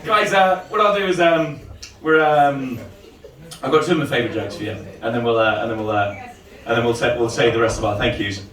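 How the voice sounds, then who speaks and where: Stand-up compère in his thirties, brash and animated, recorded far off in a noisy venue. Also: mid-range voice, brisk. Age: 30s. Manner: loud, animated joke-telling with swearing. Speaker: comedy night host. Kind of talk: stand-up comedy. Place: comedy venue with audience. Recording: roomy live venue from far off, loud crowd.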